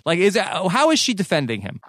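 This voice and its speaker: A man's voice: sits high, fairly quick, no room sound. A man hosting a podcast, chatting casually, laughing often and reading out tweets. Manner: laughs often, reads tweets aloud in a flat tone. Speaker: podcast host.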